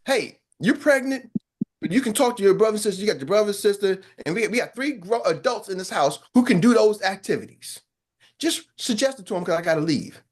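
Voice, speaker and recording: A man's voice: sits high, expressive, a little fast. A man giving a motivational talk as a business coach, blunt and colloquial, repeating phrases for emphasis.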